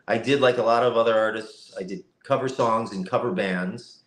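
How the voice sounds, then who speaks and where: Joining a casual live-stream interview by video call from home, where he has a lighting kit set up, a guest voice actor from Cleveland, Ohio, USA reflects on things with lots of fillers. His lowish voice has a fairly bright tone at a moderate pace, and the sound echoes around the room.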